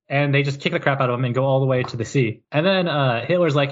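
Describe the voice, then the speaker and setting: A man's voice: mid-range voice, fast talker, few pauses, highs cut off. A man co-hosting a podcast, casually recapping history with jokes and mock quotes. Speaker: podcast co-host. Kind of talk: casual chat.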